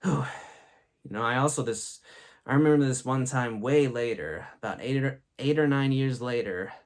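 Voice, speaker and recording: A man's voice: medium pitch, moderate pace. A young man hosting a show, telling funny school stories and laughing at his own jokes. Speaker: host. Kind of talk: comedic storytelling.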